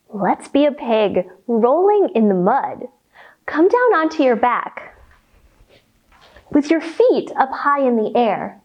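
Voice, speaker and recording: A woman yoga instructor leading a children's yoga storytime, reading a picture book in a gentle, playful, instructive way. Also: high-pitched, sing-song, slow, highs cut off.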